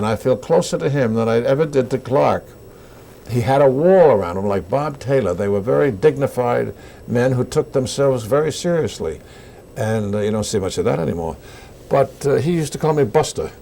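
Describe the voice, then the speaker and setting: An older man chatting in an interview, his pitch swinging lively up and down as he tells his stories. He acts out the voices of people he met, at a middle pitch. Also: vocal fry, slight background noise. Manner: animated anecdotes with acted-out quotes. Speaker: actor being interviewed. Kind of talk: casual interview storytelling.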